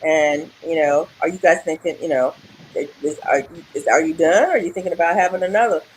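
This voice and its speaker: A woman's voice: low-pitched, brisk, slight background noise, rough recording. A woman in casual chat on a video call live stream, retelling stories and mimicking how people reacted. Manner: chatty, mimics quoted reactions.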